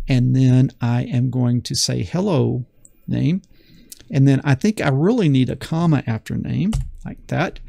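A man with a mid-range, creaky, mellow voice teaches a beginner programming lesson in a screen-recorded coding session. His style is folksy and enthusiastic, and he often repeats phrases for emphasis.

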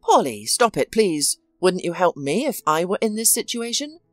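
A caring, upbeat male friend, as a woman reads him out, coaxing and warm in a lively, swinging voice. The sound is dry and close with soft music under it. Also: fairly low pitch, normal speed, no echo. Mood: sympathetic.

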